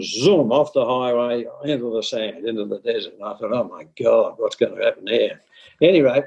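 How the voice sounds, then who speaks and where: An older man being interviewed, telling stories from his time running cricket, halting and full of restarts. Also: mid-range voice, warm tone, breathy edge, highs cut off. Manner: halting, with many restarts and fillers. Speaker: interviewee, former cricket administrator. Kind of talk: anecdotal storytelling in interview.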